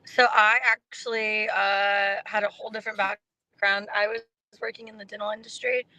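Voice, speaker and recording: A young adult woman from North Texas, chatting casually as a guest on a podcast and telling her story in a relaxed way. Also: mid-range voice, normal speed, dry recording. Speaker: contestant guest.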